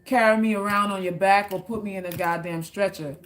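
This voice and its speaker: Reading her viewers' comments on a live stream, a woman in South Florida answers with casual, blunt teasing, slang, and occasional swearing. Her mid-pitched voice is steady and fairly bright, a little fast, with slight background noise.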